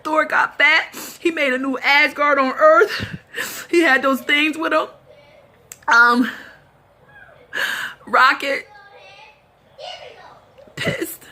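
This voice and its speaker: A woman vlogging a casual, emotional film review, tearful and rambling excitedly as a fan while crying. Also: high voice, drawn-out words, long pauses. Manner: tearful, talks through sobs and laughs.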